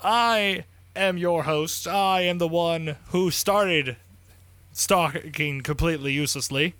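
Young guy hosting a podcast, jokey, swears a lot, high bright voice that jumps around. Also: unhurried, no room sound. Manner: jokey, animated, swears freely. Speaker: podcast host. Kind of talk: casual podcast banter.

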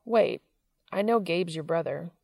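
A woman reading the lines of an intense, tender adult male writer in a story, in her own low voice. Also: measured pace, creaky, dark tone, dry recording, clean studio sound.

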